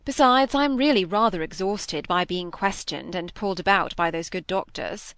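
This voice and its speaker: A woman reading aloud, voicing a tired, plaintive young gentleman with mild gallantry. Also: fairly low pitch, moderate pace, dry recording, studio quality.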